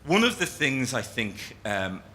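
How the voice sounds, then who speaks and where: An Irish man speaks to a conference audience, his voice swinging high and low as he tells stories. The tone is very bright and cutting. A faint hum of the room sits behind him. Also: unhurried. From Ireland. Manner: animated storyteller, drawing as he speaks. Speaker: keynote speaker. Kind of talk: live talk to an audience.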